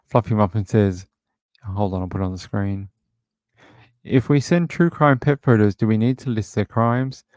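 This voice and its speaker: A man's voice: on the low side, normal speed, darkish tone, no room sound, studio quality. A man hosting a livestream, casually chatting and rambling with many filler words as he reads out viewer comments. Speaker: livestream host.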